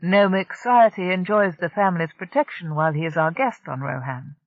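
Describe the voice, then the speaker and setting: A smooth, cool crime-family boss's enforcer, as an audiobook reader voices him, measured and quietly menacing. He sounds close and dry, with a slightly dull, lo-fi tone. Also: mid-range voice, lively intonation, no echo, close to an everyday voice. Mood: cool menace.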